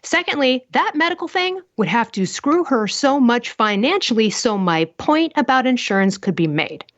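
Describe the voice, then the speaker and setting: Her voice is a little high and sing-song, moving at a moderate pace as she guests on an interview podcast. She's blunt and emphatic in animated storytelling packed with rhetorical questions, captured in muffled, dry audio.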